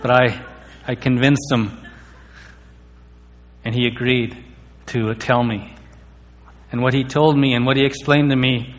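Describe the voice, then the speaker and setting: A man telling his personal faith testimony in an earnest way, sometimes stammering on key words. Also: medium pitch. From India. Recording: long reverb of a hall.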